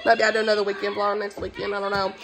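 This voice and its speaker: A woman's voice: mid-range voice, completely flat delivery, rapid-fire, noisy background. Chatty woman vlogging to camera. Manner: warm, heartfelt, chatty with Southern "y'all" and "honey". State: tearful, emotional. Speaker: book vlogger. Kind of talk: casual reading vlog, talking to camera.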